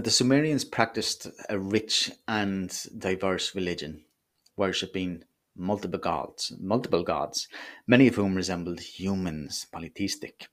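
A man's voice: low voice, a bit bright. A man hosting a solo podcast, talking casually and rambling with chatty asides and self-corrections. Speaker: podcast host. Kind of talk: solo history podcast talk.

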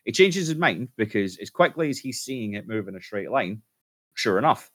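Brief: low-voiced man, casual podcast co-host, animated, swearing storyteller. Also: normal speed. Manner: animated, swearing, jokey asides.

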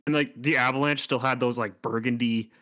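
A man's voice: medium pitch, fairly even intonation, brisk, sharp tone. A man co-hosting a laid-back sports podcast. He talks casually, laughs a lot and playfully acts out other people's lines as he tells a story. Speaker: podcast co-host. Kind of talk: casual hockey chat.

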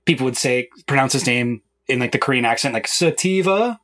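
A man's voice: medium pitch, flat delivery, fast talker, a bit bright. Rambling man, casual podcast chat. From Chicago area. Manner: loose, rambling, with many fillers and restarts. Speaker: podcast host.

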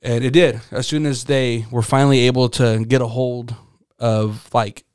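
A man's voice: mid-range voice, little pitch movement, moderate pace, darkish tone, clear, resonant tone, dry recording, studio quality. A young man co-hosting a casual podcast, rambling through a story with lots of fillers and swearing. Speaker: podcast co-host. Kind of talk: casual chat.

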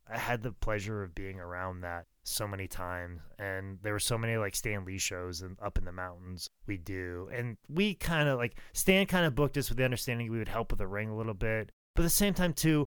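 A man's voice: lowish voice, clear, resonant tone, dry recording. Profane, rambling man telling wrestling stories. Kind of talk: casual storytelling.

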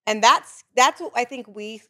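Middle-aged woman, casual chat, animated storyteller, high pitch. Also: moderate pace. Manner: animated storyteller, acts out others' lines. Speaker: guest.

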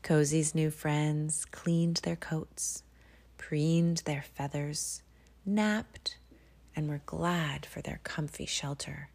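Slow, husky woman reading a storybook. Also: low voice, steady tone. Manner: slow, hushed, often whispered. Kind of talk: soft-spoken storybook reading.

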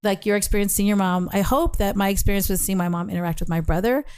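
A woman's voice: medium pitch, fast talker, darkish tone, clean tone. A middle-aged woman co-hosting a talk show, sharing personal stories in a candid, self-deprecating way. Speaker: co-host. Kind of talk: casual chat.

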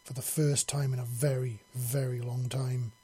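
A man narrating an audiobook story in a steady storytelling manner. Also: mid-range voice, moderate pace, husky.

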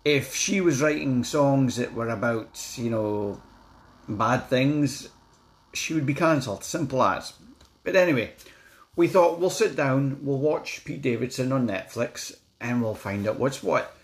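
A man's voice: mid-range voice, unhurried. Blunt Scottish man ranting a review. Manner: blunt and outspoken, swears, stumbles and restarts. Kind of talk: casual review vlog.

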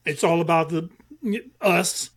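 A man in casual podcast chat, measured and earnest as he makes his point. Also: fairly high pitch, level tone, fairly bright tone, slightly rough.

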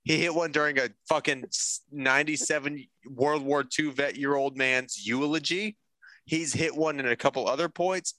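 A man's voice: on the high side, sharp tone, no echo. A young man co-hosting a casual podcast, swearing freely and telling jokes with comic timing. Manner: profane, joking storyteller. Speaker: podcast co-host.

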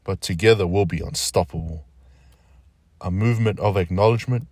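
Middle-aged man, very low voice, dry close sound, earnest spoken-word delivery, slangy asides. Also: brisk, a little mellow, no room sound. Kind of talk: reflective spoken-word monologue.

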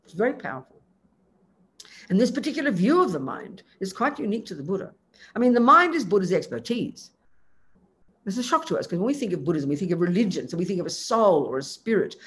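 A Buddhist teacher gives a dharma talk in a mid-range voice that is neither high nor low. The delivery is emphatic, piling up long lists and tossing in quick casual asides. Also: sing-song, fairly bright tone, slightly rough.

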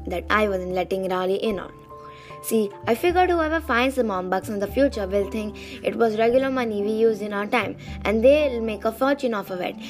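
A young woman who has lost her voice reads a children's diary book aloud in a casual, chatty way, with small restarts. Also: mid-range voice. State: losing her voice. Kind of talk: casual storybook reading.

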